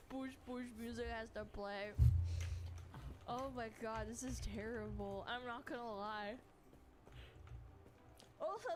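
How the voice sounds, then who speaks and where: High, animated woman streamer. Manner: excitable, laughs often, swears freely. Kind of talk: livestream reaction commentary.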